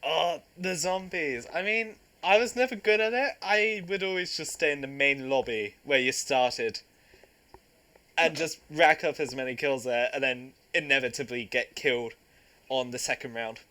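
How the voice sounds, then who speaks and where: A young man, hosting a casual podcast chat, jokey and quick to laugh. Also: on the high side, sharp tone. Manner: jokey, teasing, laughs often. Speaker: podcast host.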